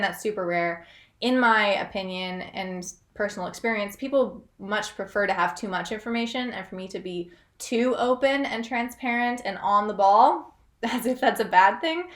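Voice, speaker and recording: A woman's voice: mid-range voice, a bit bright. Young woman vlogger, chatty and upbeat, casual tips delivery, roomy echo. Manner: chatty, upbeat, self-aware asides. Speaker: freelance writer vlogger. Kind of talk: casual tutorial vlog.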